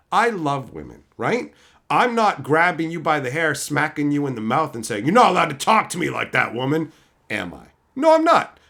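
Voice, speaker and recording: A man's voice: a little high, fairly bright tone. A young man streaming live, ranting to his chat in a profane, scornful way, often mocking others in put-on voices.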